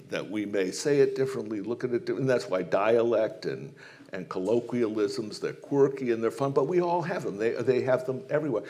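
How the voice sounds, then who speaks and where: A man's voice: mid-range voice, a little mellow. A man from Maine, a humorist telling anecdotes and reflecting on humor in a live stage interview, speaking in a rambling, searching way. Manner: rambling anecdotal storyteller, many fillers and restarts, reflective. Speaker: humorist guest. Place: small live performance venue.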